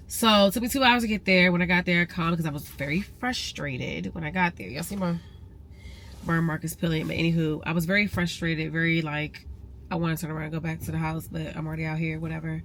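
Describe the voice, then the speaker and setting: A woman's voice: low-pitched, a bit bright. A woman chatting casually to her viewers from her car in traffic, with a stuffy nose, calling them y'all. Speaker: vlogger and realtor. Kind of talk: casual vlog chat. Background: vehicle noise.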